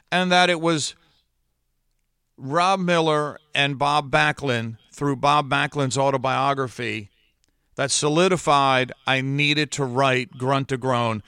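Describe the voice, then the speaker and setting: A middle-aged man hosting a solo podcast in a trained broadcaster's voice, speaking earnestly and with long dramatic pauses. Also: medium pitch, pushed and bright, clear, resonant tone, no room sound, clean studio sound. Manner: slow deliberate delivery with dramatic pauses; earnest, heartfelt. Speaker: podcast host.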